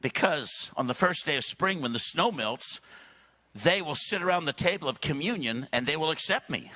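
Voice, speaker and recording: A man voicing an odd old male country prophet who makes slow, low, clipped pronouncements. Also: lively intonation, sharp tone. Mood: solemn.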